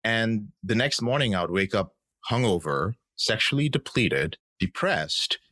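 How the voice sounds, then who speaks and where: A man's voice: on the low side, expressive, unhurried, pushed and bright, no echo. A man in his thirties, a podcast guest, telling his personal story in an earnest, reflective way. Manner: earnest, reflective, acts out quoted voices.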